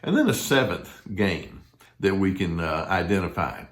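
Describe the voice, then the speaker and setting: An older man, a therapist, talking to camera in a conversational way and acting out quoted lines in a higher voice. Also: very animated, normal speed. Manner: conversational, acts out quoted voices with rising pitch. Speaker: therapist giving a talk. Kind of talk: explanatory talk to camera.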